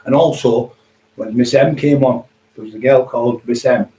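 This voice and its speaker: A man's voice: medium pitch, fairly even intonation, moderate pace, mellow. A middle-aged man in an angry, profane, taunting rant. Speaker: vlogger. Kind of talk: angry ranting monologue. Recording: echoey distant room, faint hum.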